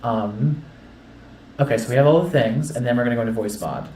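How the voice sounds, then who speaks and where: A man's voice: medium pitch, mellow, a little hiss or hum. Man hosting a livestream from a roomy space. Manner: instructing, quick bursts of talk. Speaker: livestream host. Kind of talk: casual behind-the-scenes setup chat. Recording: roomy distant mic with faint ambience.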